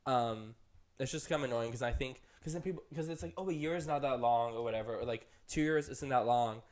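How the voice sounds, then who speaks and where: Speaking a little fast in a slightly mellow voice, a young man co-hosting a podcast rambles through a long story, chatty and peppered with "like" and "um." His pitch leaps up for laughter and whenever he quotes someone.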